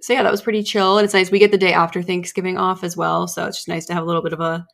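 A woman's voice: fairly low pitch, flat delivery, very fast, creaky, a bit bright. A woman in her twenties co-hosting a podcast, chatting casually and telling rambling stories. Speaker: podcast co-host. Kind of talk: casual chat.

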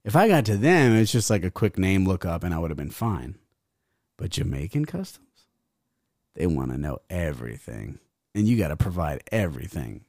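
A man's voice: deep voice, sing-song, moderate pace, a little mellow, no room sound, studio quality. A young adult man, a guest rapper, telling a rambling, profane story in casual talk. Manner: profane, rambling, laughs as he talks.

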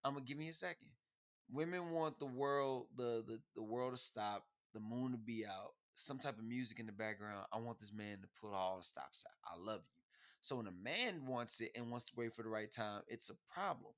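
A young man with a mid-range, slightly bright voice speaks at a moderate pace in a casual debate with his partner. He argues hard, talks over her, and stumbles into repeated words when cut off.

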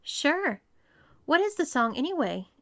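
A woman voicing an earnest young man on a date, speaking gently and reassuringly. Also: high-pitched, sing-song, a little slow, dry recording, studio quality, pitched above the performer's own voice, exaggerated voice. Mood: gentle.

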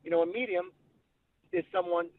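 A man's voice: high voice, steady tone, moderate pace, no echo. A man working as a psychic medium, chatting casually and retelling readings with quoted dialogue. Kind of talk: casual storytelling. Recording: tinny phone-like line.

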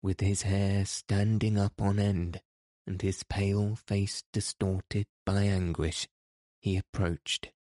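A man with a fairly low voice narrates an audiobook, telling the story in a measured, even way. The recording is dry, with clean studio sound.

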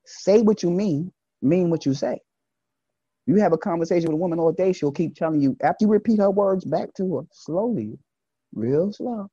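Animated, preachy man with a muffled sound. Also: brisk, slightly rough, no room sound. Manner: animated and emphatic, swings between loud bursts and low asides; preachy, speaks to listeners directly. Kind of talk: casual monologue.

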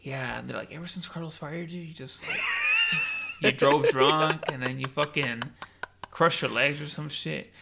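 A man co-hosting a casual podcast chat, rambling through made-up scenarios, saying "dude" constantly and dropping into hushed voices. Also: a little high, huge pitch swings, measured pace, creaky, heavy background noise. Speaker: podcast co-host.

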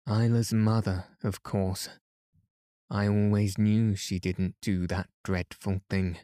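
A delirious young girl in a fever, begging and wild-eyed in a bedtime storybook, as a man reads her in his own low, unhurried voice. Her lines come out slow and hushed, with a dark, mellow tone. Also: flat delivery, dry recording, clean studio sound. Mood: pleading.

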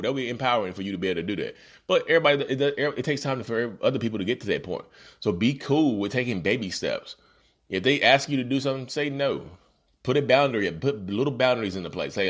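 A man's voice: on the low side, expressive, fairly quick, fairly bright tone. A man hosting a podcast who gives casual, earnest self-help advice, repeating his points and calling his listeners "y'all.". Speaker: podcast host. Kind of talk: casual motivational talk. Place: home, about to join a video call.

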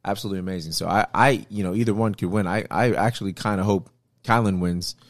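A man in casual chat, telling a story with lively acted-out quotes and lots of repeated words. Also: low voice, fast, no echo, clean studio sound. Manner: animated storytelling, acts out quotes; repeats words, frequent fillers.

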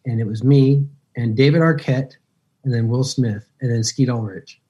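A man in his fifties, an actor guest on a podcast, telling relaxed, rambling stories and laughing easily. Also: mid-range voice, normal speed, slightly rough, lo-fi sound. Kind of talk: casual podcast interview.

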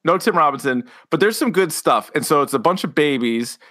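A man's voice: a little high, expressive, fairly quick, a bit bright. A man co-hosting a casual podcast, animatedly retelling comedy sketches with frequent laughter. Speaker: podcast co-host. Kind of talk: casual chat.

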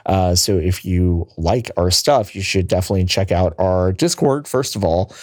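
A man's voice: low-pitched, moderate pace, darkish tone, dry recording, studio quality. A man hosting a podcast, wrapping up the episode in a rambling, playful way with lots of fillers. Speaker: podcast host. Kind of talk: casual podcast sign-off chat.

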